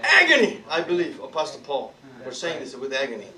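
A man's voice: mid-range voice, fairly quick, fairly bright tone. A man preaching to a congregation in an interactive sermon, teasing and laughing as he calls on people to answer. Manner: playful, teasing, laughs often, calls for responses. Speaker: pastor leading Bible study. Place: church hall with congregation. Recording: echoey room, from far off, crowd.

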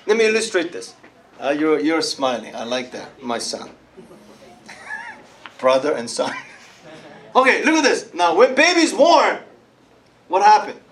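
High-voiced, lively preacher man. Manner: lively, calls out to the congregation and laughs often. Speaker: pastor. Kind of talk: sermon.

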